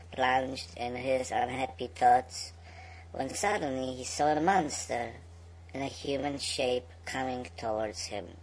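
A man reading a bedtime story aloud in a slow, unhurried way, with small slips. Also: medium pitch, vocal fry, husky, poor audio.

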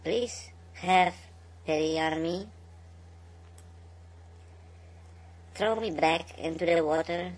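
A man voicing a frightened little talking fish that begs to be thrown back into the water, in a raised, breathless voice. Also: a little slow. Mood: gasping plea. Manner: high, pleading, breathless.

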